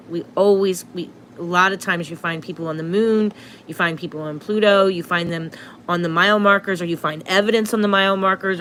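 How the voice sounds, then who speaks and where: A woman's voice: on the low side, fairly bright tone, a little hiss or hum. A woman hosting a casual astrology livestream into her phone, chatty and self-interrupting.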